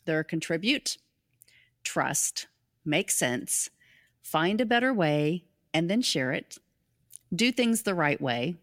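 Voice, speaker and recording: A woman's voice: fairly low pitch, sing-song, slow, long pauses. Upbeat woman hosting a live stream. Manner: upbeat and enthusiastic, laughs often. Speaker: host of a live stream on leadership. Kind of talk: casual live-stream chat.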